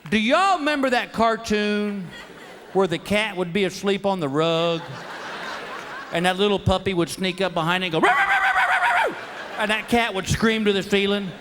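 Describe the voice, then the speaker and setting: A middle-aged man, telling a stand-up comedy story with animated delivery and acted-out voices, sometimes shouting punchlines. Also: high voice, moderate pace. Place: stage before a live audience. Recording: live show with crowd laughter and noise. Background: audience laughter.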